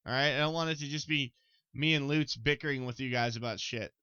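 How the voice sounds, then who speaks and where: A young man hosting a casual solo sports podcast, excitable, talking straight to his listeners and swearing freely. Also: medium pitch, fairly quick, smooth, no room sound, poor audio. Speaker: podcast host.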